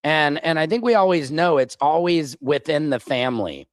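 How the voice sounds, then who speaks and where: A stand-up comedian hosts his own livestream show, chatting casually and wandering off-topic with jokey asides. His fairly high voice is expressive at normal speed, on a dry recording.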